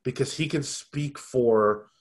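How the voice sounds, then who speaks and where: A man's voice: mid-range voice, takes it slowly. Man musing over a show. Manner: thoughtful, with frequent ums and restarts. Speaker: podcast co-host. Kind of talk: casual review chat.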